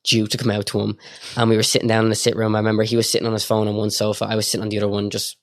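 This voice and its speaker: Fast-talking gravelly Irish young man. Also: on the low side, completely flat delivery, no room sound, clean studio sound. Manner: rapid, filler-heavy storytelling full of quoted dialogue. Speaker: guest. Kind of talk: casual storytelling.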